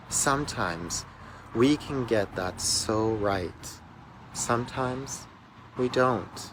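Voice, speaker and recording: A minister with a low voice speaks slowly as he tells a personal story in a church video message. He was recorded outdoors beside a church walkway, with background noise. His storytelling is earnest and turns emphatic in places.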